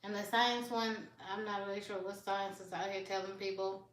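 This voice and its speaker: A woman's voice: mid-range voice, fairly even intonation, a bit bright, far from the mic. A woman chats on a live stream, hunting for her words and restarting sentences as she catches up on comments. Her voice sits back from the microphone. The room around her adds a noticeable echo. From United States. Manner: halting and searching, with frequent restarts while reading comments. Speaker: live streamer chatting with viewers. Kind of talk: casual live-stream chat. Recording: roomy, voice set back from the mic.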